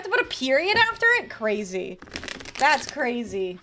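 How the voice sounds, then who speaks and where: High, lively streamer woman chatting. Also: measured pace, slight background noise. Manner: playful, chatty, reads viewer messages aloud and teases. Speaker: streamer reading tarot for chat. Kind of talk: casual live-stream chat.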